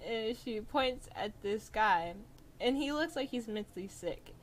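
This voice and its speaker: Slow-talking young woman telling stories. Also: a little high, expressive, slight background noise, low-quality recording. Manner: chatty, laughs often while recounting. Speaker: streamer. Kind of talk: casual storytelling while drawing. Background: soft jazz music.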